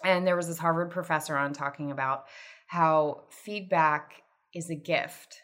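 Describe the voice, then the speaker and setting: Bright-voiced chatty woman guest. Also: low-pitched, fairly even intonation, unhurried. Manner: chatty, laughs easily. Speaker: podcast guest. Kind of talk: casual chat.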